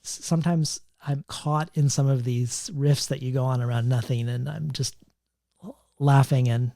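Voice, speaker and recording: A man hosting a literary interview, measured and careful as he reads quotations aloud. His voice is mellow and the recording is dry and close. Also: medium pitch, fairly even intonation, gravelly, no room sound. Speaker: podcast host.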